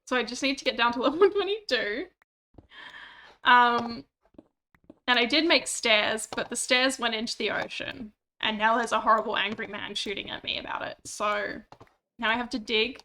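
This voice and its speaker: Bright, chatty woman streamer. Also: fairly high pitch, normal speed, slight background noise. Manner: chatty, self-mocking, swears when annoyed. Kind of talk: casual gameplay chat.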